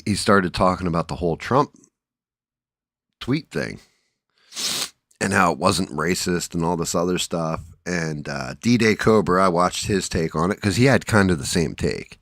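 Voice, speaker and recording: A groggy man hosts a casual livestream chat, his voice sitting very low. He rambles bluntly, swears freely and restarts his sentences. The sound is dry and close, with no room around it. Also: fairly bright tone, no room sound. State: groggy, just woke up. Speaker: livestream host.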